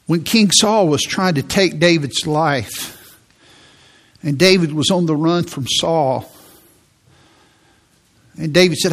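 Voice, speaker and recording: A male pastor delivers a sermon at an unhurried, deliberate pace. His voice sits slightly high for a man, and he speaks earnestly, restating words as he works through his point. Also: a bit bright. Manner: earnest, repeats words while preaching.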